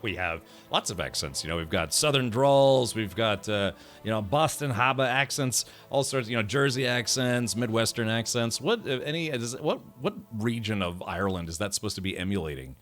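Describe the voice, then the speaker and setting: A man's voice: fairly low pitch, moderate pace, few pauses, fairly bright tone, soft background music. An American man commentating his gameplay live, chatty and rambling with many asides. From United States. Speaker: game streamer.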